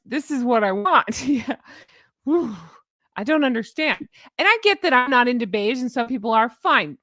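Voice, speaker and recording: Lively, giggly woman gossip host. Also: high voice, dry recording, studio quality. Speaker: royal commentary channel host. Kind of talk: casual chat reading live comments.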